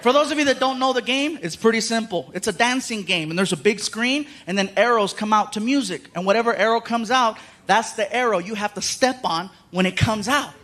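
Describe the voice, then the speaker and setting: A middle-aged man performing stand-up comedy, telling stories on stage with animated voices. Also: sits high, a little fast, hardly any pauses. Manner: animated storytelling, frequent voices.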